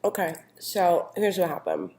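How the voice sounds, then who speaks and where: A woman's voice: on the low side, wildly swooping pitch, a little slow, a little mellow, a little hiss or hum. A young woman playing a clingy, gossipy girlfriend who talks casually with lots of "like" fillers, recorded in an echoey room. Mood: confiding. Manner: casual, valley-girl "like" fillers. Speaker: interviewee in a mock news segment.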